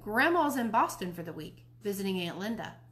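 A woman reading a children's book aloud, voicing a patient mother who speaks in a calm, reasonable way. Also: medium pitch, a little fast.

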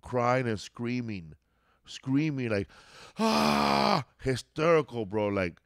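With a medium pitch and lively intonation, this man speaks slowly on a studio-quality track with no room sound. A comedian and podcast co-host, he chats casually, meandering through loose stories and saying "bro" and "dog" a lot.

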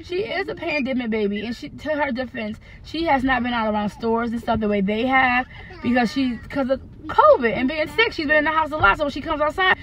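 A high-pitched American woman in her thirties talks into a phone camera from her car, venting about her kids. She is blunt and exasperated and curses freely, as in a candid car chat. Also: brisk, fairly bright tone. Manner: blunt, exasperated, frank with cursing. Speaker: mother vlogger. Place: parked car, then driving home.

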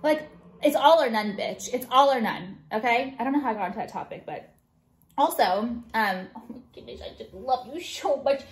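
A woman vlogger vents to her viewers in a combative, profanity-laced rant. Her voice sits fairly high, and she leans on "like" throughout. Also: animated, normal speed. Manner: profane, combative, heavy filler "like". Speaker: jewelry brand owner and vlogger.

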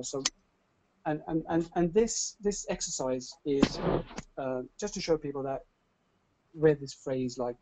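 A man's voice: mid-range voice, measured pace, background noise. A man hosting an online webinar, presenting with showman energy and often repeating words as he goes. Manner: showman, repeats words, stumbles when excited. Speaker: webinar host.

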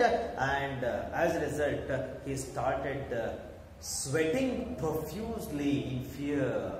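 A male teacher walks a class through a story at an unhurried pace, his fairly high voice rising and falling a great deal. He pauses often on fillers and repeats himself as he explains. The sound is roomy, with a long reverb and faint background noise. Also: animated, recorded from a distance. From India. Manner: slow and explanatory, with many fillers and repetition. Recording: echoey hall with faint noise.

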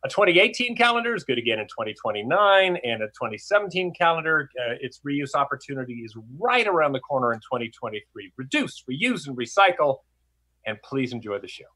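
A man's voice: mid-range voice, big pitch swings, a little fast, pushed and bright. Man on a video call, winded, with a dry playful delivery. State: out of breath. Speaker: regular presenter running the music game. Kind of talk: casual live-stream presentation. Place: home studio.

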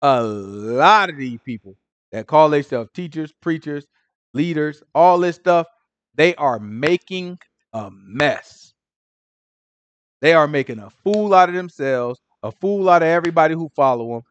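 Brief: male Bible teacher, fairly high voice, dry close sound, loose conversational delivery, keeps checking in with listeners. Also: normal speed, clear, resonant tone, no room sound, muffled recording. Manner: conversational, repeats "right?", acts out Pharisees in slang. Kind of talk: informal Bible study teaching.

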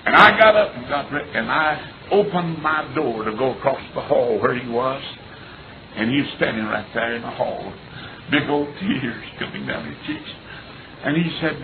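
A middle-aged male preacher tells his story from the pulpit and swells into fervent shouts. The sound is thin and phone-like, with a steady hiss of noise behind him. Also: medium pitch, a little fast. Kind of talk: sermon. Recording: tinny lo-fi recording with noise.

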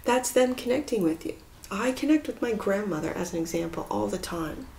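A woman giving a spiritual tarot reading in an earnest, rambling way, sometimes dropping to a soft whisper. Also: medium pitch, lively intonation, a little fast, creaky. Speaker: tarot reader. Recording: echoey room with faint noise.

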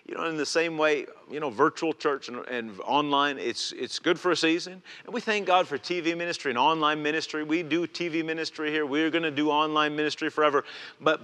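A man's voice: fairly high pitch, bright, forceful tone. A man preaching a sermon as pastor, earnest, often repeating words and restarting his phrases. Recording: reverberant church hall.

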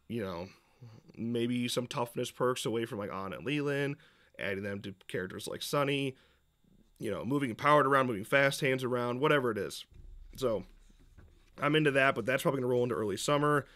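A man's voice: medium pitch, fairly bright tone. A young man streaming live, giving rambling, opinionated commentary on a game update and stopping often to restart his sentences. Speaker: streamer reacting to a developer Q&A.

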